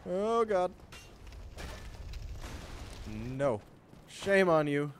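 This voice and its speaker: A young man streaming a game, chatting with viewers in a relaxed, joking way and breaking into loud yelps and laughs. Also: on the high side, extremely slow, slight background noise. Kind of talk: gameplay commentary.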